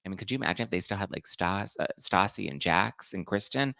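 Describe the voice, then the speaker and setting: A young man hosting a gossip live stream, chatty and camp. He sits low in pitch, with a bright, crisp tone over some vocal fry. The sound is close and dry. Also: a little fast, no room sound. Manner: chatty, camp, reads viewer comments and acts out quotes. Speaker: host. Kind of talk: live-stream pop culture chat.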